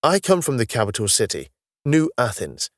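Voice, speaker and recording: A man voicing a calm, knowledgeable male space officer from the far future who patiently explains his world with a wry touch. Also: medium pitch, normal speed, no echo, studio quality. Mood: explaining.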